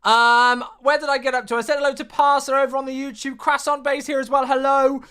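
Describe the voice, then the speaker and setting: A man's voice: little pitch movement, fairly quick. A man, livestreaming a flight simulator and chatting casually as he greets his viewers one by one. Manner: upbeat, chatty, big swings in pitch and loudness.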